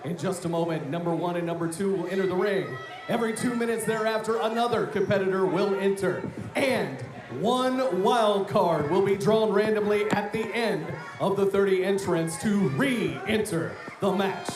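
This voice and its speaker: A high-voiced man announces in a booming, drawn-out style. His voice rings through an echoey arena over music and crowd noise. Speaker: ring announcer. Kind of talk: ring announcing.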